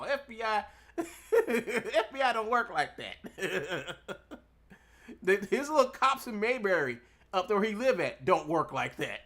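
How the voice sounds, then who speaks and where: A young man ranting casually from home as a streamer, mocking someone, laughing often and swearing a lot. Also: high-pitched. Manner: mimics others in a loud put-on voice. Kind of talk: casual rant.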